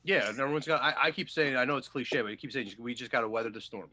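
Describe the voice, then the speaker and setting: Man, podcast co-host, bright forceful tone, dry close sound, rambling and profane. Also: mid-range voice, racing, dry recording. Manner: rambling, profane, loses his thread. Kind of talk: casual chat.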